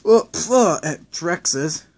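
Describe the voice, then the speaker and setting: A man's voice: a little high, lively intonation, darkish tone, slightly rough. A man narrating a toy story in stops and starts, telling the other player what to say. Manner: halting, restarts, narrates then voices toys. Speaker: storyteller directing toy play. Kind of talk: playful toy role-play.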